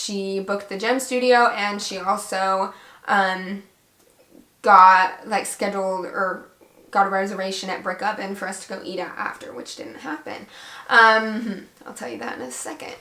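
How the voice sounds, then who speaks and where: A woman's voice: mid-range voice, roomy sound. Chatty young woman telling a story. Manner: chatty, animated retelling with quoted dialogue. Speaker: vlogger. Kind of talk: casual storytelling.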